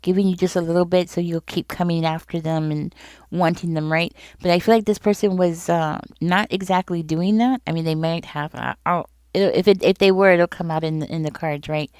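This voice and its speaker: A tarot reader with a lowish, darkish, clean-toned voice gives a casual reading directly to her viewers. She talks loosely and conversationally, repeats herself, and often checks in with them, with no echo in the recording.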